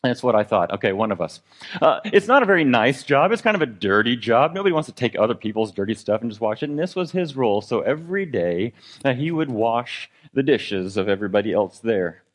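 A man preaching a sermon in a church, talking with the congregation, asking for a show of hands, with fillers and swings in pitch and loudness. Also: big pitch swings, a little fast. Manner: conversational preaching with congregation questions; fillers and restarts, dynamic pitch and volume. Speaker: pastor.

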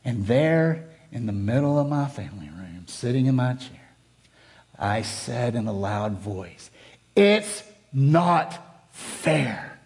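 A middle-aged male pastor preaching a sermon, telling a personal story earnestly, rising to fervent and dropping to hushed. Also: lowish voice, expressive, unhurried.

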